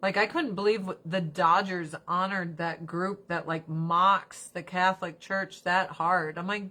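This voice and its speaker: A woman hosting a casual livestream chat, animated and fond of swearing, slipping into mocking put-on voices. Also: mid-range voice. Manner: swears casually, talks fast then drags words out. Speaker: livestream host.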